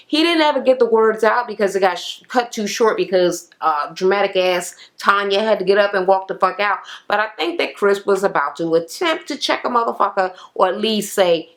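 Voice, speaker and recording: A woman giving a blunt, profane, casual recap of a reality show, slipping into exaggerated quoted voices. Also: moderate pace. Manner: blunt, sassy, heavy swearing, acts out quotes in raised pitch.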